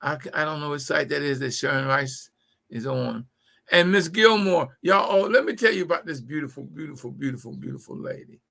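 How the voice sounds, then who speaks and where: A man's voice: on the high side, animated, fairly quick, creaky, pushed and bright. A man hosting a live-streamed political talk, speaking emphatically to his viewers, often repeating words as he builds his point. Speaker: livestream show host.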